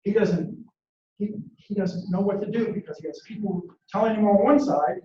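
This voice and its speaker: A man giving a motivational talk, telling a war story dramatically and acting out the shouted orders. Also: sits high, normal speed. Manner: dramatic, acts out quotes and shouts battle orders. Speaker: motivational speaker. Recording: echoey room, distant mic, dull lo-fi sound.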